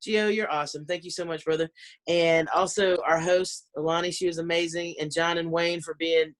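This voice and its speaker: A woman's voice: lowish voice, fairly even intonation, normal speed. Brash Southern woman stand-up, ranting and profane, on a video call. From Southern United States. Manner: brash, ranting, profane, laughs between lines. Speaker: stand-up comedian. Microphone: computer mic on a video call.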